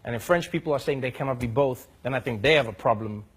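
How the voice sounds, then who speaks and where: Husky South African man, comic monologue. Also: medium pitch, fast. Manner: animated storytelling, mock outrage, frequent restarts. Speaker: talk show host.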